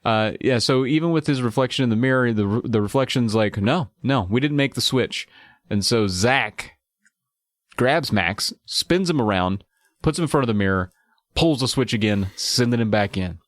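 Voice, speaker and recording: A man's voice: medium pitch, animated, normal speed, no echo, clean studio sound. A man co-hosting a podcast, recapping a book plot in a wry, joking way. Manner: wry, jokey retelling. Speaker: podcast co-host. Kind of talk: casual book discussion.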